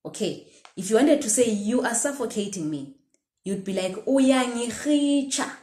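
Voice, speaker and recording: A woman's voice: mid-range voice, lively intonation, moderate pace, warm tone. A woman teaching a language lesson, patiently modelling sounds and having the listener repeat after her. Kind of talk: slow language lesson with repetition drills. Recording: roomy echo.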